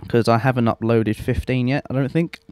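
A man's voice: mid-range voice, steady tone, brisk, a little mellow, no echo. Young dude rambling over his game footage, swears a lot, laughs at himself, dead dry mic. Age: young adult. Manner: rambling, self-mocking, swears freely. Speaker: let's play host. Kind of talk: casual gameplay commentary.

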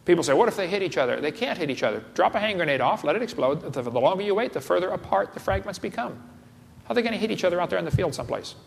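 A man's voice: sits high, big pitch swings, racing, vocal fry. A man giving a joking lecture to a live audience, wisecracking and tossing quiz questions at the crowd. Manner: wisecracking, quizzes the crowd with asides. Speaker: creationist speaker. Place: large hall with an audience. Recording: long hall reverb, faint hiss.

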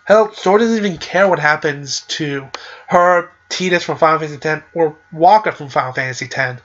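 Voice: mid-range voice, a little fast, fairly bright tone, dull audio. A podcast host casually recapping a game's story in a loose, rambling way, with lots of "like" and "uh". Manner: loose and chatty, with frequent "like" and "uh".

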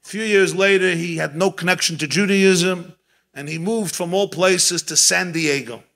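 Forceful, bright-voiced rabbi telling a story. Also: male voice, sits high, normal speed, vocal fry. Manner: lively storyteller, repeats key phrases for emphasis. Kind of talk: animated storytelling talk at a gathering.

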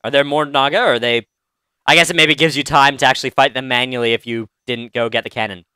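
A man's voice: medium pitch, steady tone, fast, pushed and bright, clear, resonant tone, no echo, clean studio sound. A man hosting a let's-play, chatting casually and rambling through commentary with many fillers and restarts. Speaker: game let's-play host.

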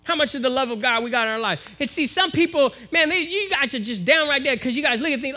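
Man, American accent, minister preaching a live church sermon, high-pitched, forceful build-ups. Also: lively intonation, fast talker, few pauses. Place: church, live-streamed service.

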